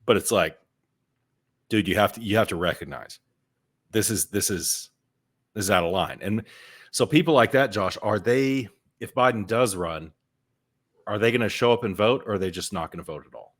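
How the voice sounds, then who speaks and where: Man, very deep voice, podcast co-host, casual chat, repeats words, storytelling. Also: moderate pace, pauses often, a bit bright, breathy edge. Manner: repeats words while hunting for a thought, storytelling.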